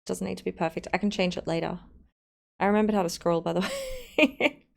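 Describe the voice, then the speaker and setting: A woman's voice: medium pitch, huge pitch swings, fairly quick, creaky. A woman streamer chatting casually to her viewers while she edits a video, narrating each step with playful asides. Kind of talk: casual live-stream chat while editing.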